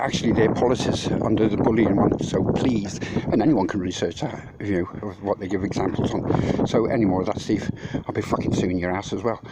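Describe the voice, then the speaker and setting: A man talks into a handheld phone outdoors in the heat, short of breath and rambling, with plenty of swearing. His voice sits in a middle range. Clear background noise and clicking run under the recording. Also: medium pitch. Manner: rambling, sweary, ranting at a rival. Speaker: vlogger. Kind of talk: casual walk-and-talk vlog. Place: outdoors at a building site in hot weather.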